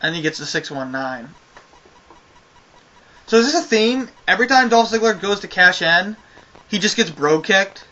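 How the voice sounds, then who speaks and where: High, bright-voiced man ranting. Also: animated, moderate pace, long pauses, lo-fi sound. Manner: exasperated, profane ranting. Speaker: wrestling show reviewer. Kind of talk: casual spoken review.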